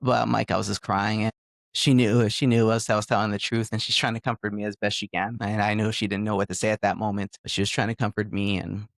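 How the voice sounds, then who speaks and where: A middle-aged man speaks in a fairly low voice, recounting his story in a rambling, heartfelt way with frequent restarts. The sound is close and dry, like a small podcast studio. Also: flat delivery, fast, gravelly, no room sound. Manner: rambling, emotional storytelling with nervous laughs and self-corrections. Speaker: guest. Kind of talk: personal testimony in a podcast conversation.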